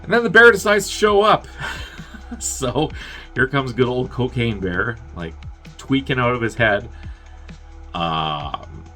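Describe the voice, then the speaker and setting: A man's voice: medium pitch, expressive, slow, long pauses, pushed and bright, faint music behind. A man casually recapping a film's plot as a reviewer, rambling and profane, with chuckling asides. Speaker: movie reviewer.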